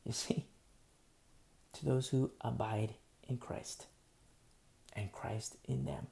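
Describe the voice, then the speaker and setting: Gravelly-voiced male preacher. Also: lowish voice, takes it slowly. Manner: earnest, moves between soft pleading and emphatic outbursts. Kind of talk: sermon.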